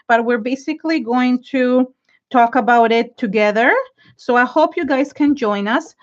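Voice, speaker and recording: Chatty effusive woman on a lo-fi livestream. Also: on the high side. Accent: Israeli. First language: Hebrew. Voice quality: chatty, rambling, many fillers and restarts. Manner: frank and effusive, gushing thanks to viewers. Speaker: art livestream host. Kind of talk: casual livestream chat while inking. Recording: dull lo-fi livestream audio.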